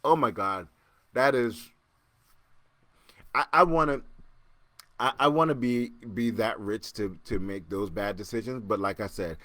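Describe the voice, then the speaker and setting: A man hosting a casual solo podcast, joking and laughing as he reacts to listener comments, jumping between loud excited bursts and low muttering. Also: measured pace, long pauses, no echo. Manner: animated, joking, laughs often, repeats himself. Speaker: podcast host.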